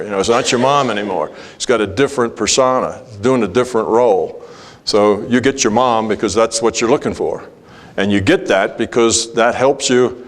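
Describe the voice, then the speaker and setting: A man speaking to a workshop audience and answering their questions in a conversational way, with many fillers, acting out bits of dialogue. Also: lowish voice. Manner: conversational, many "you know" fillers, acts out quoted dialogue.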